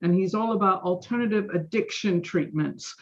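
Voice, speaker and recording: A woman's voice: mid-range voice, moderate pace. Upbeat woman on a muffled video call. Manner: upbeat and enthusiastic. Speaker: co-host announcing next month's program. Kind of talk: casual announcements on a video call.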